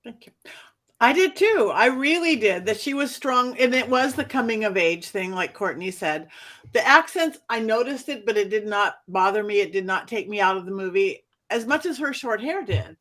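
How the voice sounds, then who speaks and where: A woman's voice: medium pitch, lively intonation, moderate pace, fairly bright tone. A woman hosting a casual film discussion, upbeat and affirming, heard a little away from the microphone. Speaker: podcast host.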